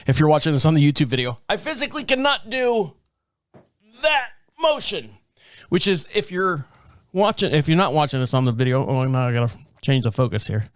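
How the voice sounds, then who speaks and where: A man's voice: on the high side, no room sound, studio quality. A man hosting a comedic solo podcast, telling a rambling story and often laughing at himself. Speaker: podcast host.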